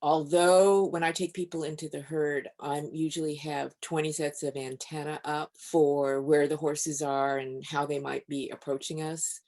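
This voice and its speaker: Low-voiced woman telling stories calmly. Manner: calm, measured storytelling. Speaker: physician and author, guest. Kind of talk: storytelling in a podcast interview.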